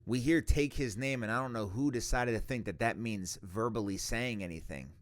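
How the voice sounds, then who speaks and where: A man's voice: on the low side, a little fast. A man hosting a Christian reaction video, arguing emphatically and reading scripture aloud. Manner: emphatic, argumentative, quoting scripture. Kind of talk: reaction commentary and Bible teaching.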